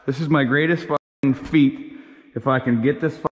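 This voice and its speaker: A man's voice: on the high side, lively intonation, normal speed, in a large hall, dull audio, a little hiss or hum. A man hosting a casual unboxing vlog, talking in crude, rowdy, heavily profane banter. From Canada. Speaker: channel host.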